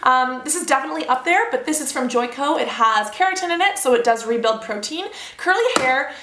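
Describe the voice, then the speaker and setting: A young woman in her twenties, a beauty vlogger, speaks fairly quickly with a high, pushed, bright voice and lively intonation. She chats casually and bubbly about her hair products, rambling with fillers and asides in an echoey, roomy home room.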